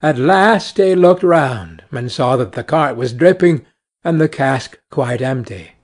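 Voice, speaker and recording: A man narrating a fairy tale slowly and clearly for English learners. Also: medium pitch, animated.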